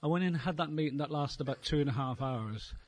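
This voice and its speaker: A man's voice: fairly high pitch, fast. A middle-aged man with a Dublin Irish accent doing a rambling, wry stand-up set on a live stage, swearing freely. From Ireland. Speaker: stand-up comedian and poet. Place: live venue before an audience.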